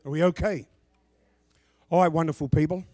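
A middle-aged male pastor preaching a sermon. He reads scripture loudly and drops into quiet asides. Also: moderate pace, no echo. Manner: animated preaching, swings from shouted scripture to low asides.

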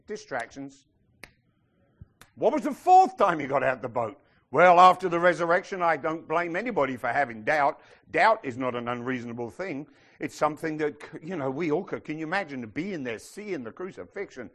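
A man preaching a sermon to his congregation, animated and sometimes shouting as he acts out the people in his stories. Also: fairly high pitch, a little fast. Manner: animated, acts out quoted voices, some shouting.

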